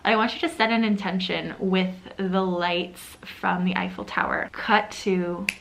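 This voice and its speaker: A woman's voice: lowish voice, fairly even intonation, moderate pace, gravelly, a bit bright, a little hiss or hum. A woman lifestyle vlogger talking straight to her viewers in an earnest, encouraging way. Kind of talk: motivational vlog talk.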